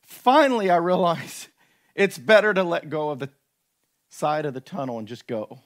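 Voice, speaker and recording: A man's voice: on the high side, animated, normal speed, natural voice. A man acting out a frightened, soaked young wife as she urgently retells a near-drowning, from within a sermon. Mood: distressed, urgent.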